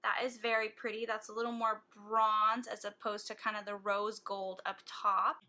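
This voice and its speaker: Bright-voiced, gushing woman beauty vlogger. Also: medium pitch, normal speed. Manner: gushing, excitable, breathy gasps. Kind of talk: casual makeup swatching vlog.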